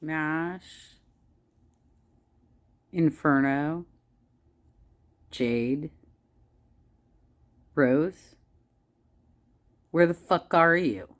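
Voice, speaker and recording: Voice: mid-range voice, drawn-out words, long pauses. A co-host reacting to a clip with sarcasm and exasperated disbelief. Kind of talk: reaction commentary.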